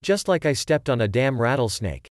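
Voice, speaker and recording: A man's voice: mid-range voice, sing-song, normal speed, no room sound, studio quality, lightly acted. A man voicing a terrified young man who pleads that he needs a doctor. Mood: distraught. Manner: distraught, pleading, panicky.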